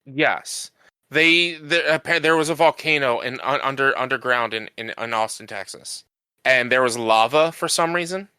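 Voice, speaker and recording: A man's voice: medium pitch, normal speed, sharp tone, clear, resonant tone, dry recording. A man co-hosting a podcast, rambling through a TV recap with lots of fillers and restarts. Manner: rambling recap with many fillers and restarts, acting out quoted lines. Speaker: podcast co-host. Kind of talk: casual chat.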